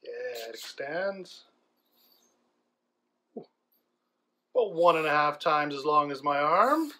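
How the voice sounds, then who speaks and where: A man vlogging an unboxing, chatty and excited, describing gear as he handles it. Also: takes it slowly, a little hiss or hum. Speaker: tech vlogger. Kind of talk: enthusiastic unboxing vlog. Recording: low-quality video audio.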